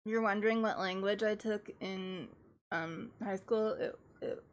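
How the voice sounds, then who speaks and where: A woman's voice: medium pitch, fairly even intonation. Chatty, giggly woman streaming live. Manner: chatty and playful, giggly asides; sounds out French phrases slowly. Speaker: streamer learning French. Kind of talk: casual live-stream chat.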